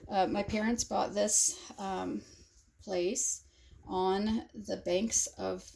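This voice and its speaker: Gravelly-voiced woman reminiscing in a vlog. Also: mid-range voice, steady tone, very slow, mellow, slight background noise. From southern Indiana. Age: 40s. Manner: rambling, fond reminiscing with frequent fillers. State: choked up. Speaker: craft vlogger. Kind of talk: casual vlog tour. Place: outdoor craft shed, windy.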